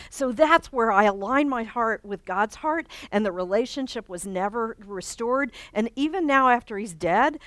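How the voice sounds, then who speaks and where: A woman from a church staff giving a sermon, telling a personal story in an animated way and laughing often. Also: mid-range voice, dry recording.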